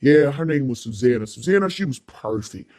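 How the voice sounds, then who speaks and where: A woman's voice: extremely low pitch, lively intonation, brisk, dark tone, pitched below the performer's own voice. A woman doing an impression of a boozy, self-pitying middle-aged male neighbor who rambles and repeats himself. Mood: maudlin rambling.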